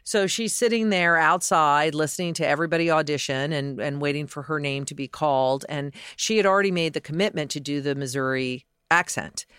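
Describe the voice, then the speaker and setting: Guy hosting a podcast, kinda high voice, super clear and dry, excited chatty tone. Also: fairly quick, few pauses, no echo. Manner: enthusiastic, conversational. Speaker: podcast host. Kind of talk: scripted podcast commentary.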